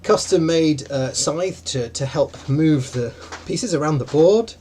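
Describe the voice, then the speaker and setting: A man's voice: a little slow, a little hiss or hum. A man co-hosting a livestream, explaining a board game in a playful, jokey way. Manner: chatty, jokey, lively pitch swings. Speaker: co-host running a game.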